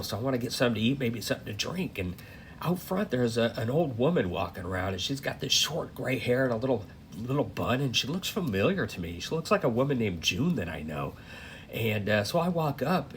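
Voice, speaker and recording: A man rambles through a dream he had, swearing freely as he goes. His pitch swings up and down as he recounts it. A faint hum sits under the recording. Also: fairly quick. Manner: profane, rambling, animated. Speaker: storyteller. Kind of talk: casual dream retelling.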